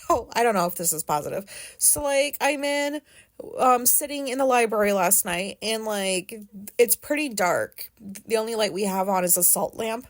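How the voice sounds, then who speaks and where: A woman hosts her own podcast and talks through her grief, sounding sad and teary. Her speech is loose and rambling, full of fillers and false starts, with casual swearing mixed in. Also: a little high. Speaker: podcast host. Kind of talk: casual personal monologue.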